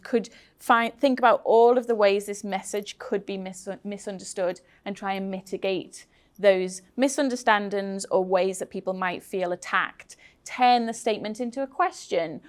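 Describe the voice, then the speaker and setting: A woman's voice: medium pitch, steady tone, normal speed, darkish tone. A middle-aged woman with a Liverpool accent talks in an earnest, conversational way at a panel event. She acts out what she says to the people in her workshops and slips into those quoted voices as she goes. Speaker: founder of a craft activism group, guest speaker.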